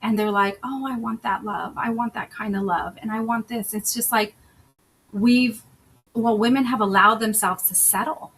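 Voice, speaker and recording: A woman's voice: on the high side, steady tone, moderate pace, a bit bright, a little hiss or hum, rough recording. A woman self-love coach and podcast host, talking in an earnest, conversational way about relationships and retelling stories in other people's voices. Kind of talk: personal monologue on relationships.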